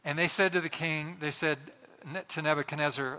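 A male pastor preaching a sermon with impassioned, dramatic pauses. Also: fairly high pitch, steady tone, pushed and bright, clear, resonant tone. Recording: long hall reverb.

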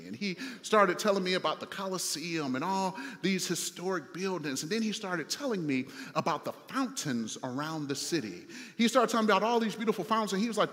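A male pastor preaching a sermon with a fairly high voice and a loose, conversational delivery, full of repeats and fillers. His voice rings with the long reverb of a church hall. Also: animated, normal speed, a bit bright.

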